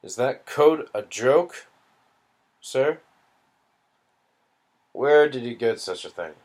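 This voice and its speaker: A man's voice: mid-range voice, lively intonation, slow pace, darkish tone, pitched above the performer's own voice. A man putting on a concerned English soldier. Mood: pitying. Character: compassionate British soldier, adult man.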